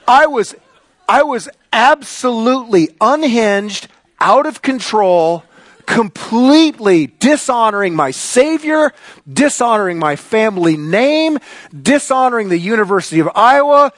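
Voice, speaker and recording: Middle-aged man, pastor, high voice, dry close sound, animated sermon delivery. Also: measured pace, no room sound. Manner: animated storyteller, gets loud and excited. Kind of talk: sermon with a personal story.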